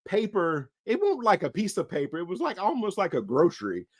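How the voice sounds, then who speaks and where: A man co-hosting a casual podcast about movies, with a high voice that swings widely as he talks. He tells stories with plenty of energy and acts out the other people in them. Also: brisk, slightly rough. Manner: animated storyteller, acts out voices. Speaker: podcast co-host. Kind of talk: casual movie-discussion chat.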